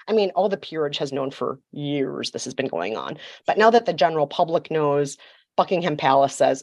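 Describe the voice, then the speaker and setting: Woman podcast guest, low-pitched, sassy storyteller, dry close sound. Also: expressive, normal speed, no room sound. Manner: sassy, emphatic, mocking asides. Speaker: podcast guest, royal commentator. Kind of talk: storytelling chat.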